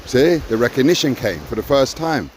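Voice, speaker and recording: Man, 60s, emphatic reflective co-host, mid-pitched voice, faint noise behind. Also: very animated, moderate pace. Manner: emphatic, keeps adding "see?" and acts out quoted encouragement. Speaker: co-host of a personal growth talk. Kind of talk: reflective casual conversation.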